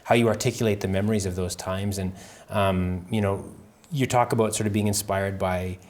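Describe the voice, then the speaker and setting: A man's voice: low voice, fairly even intonation, fairly quick, a little mellow. A man hosting a podcast interview, asking reflective and hesitant questions with frequent restarts. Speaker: podcast host, musician. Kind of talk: casual interview.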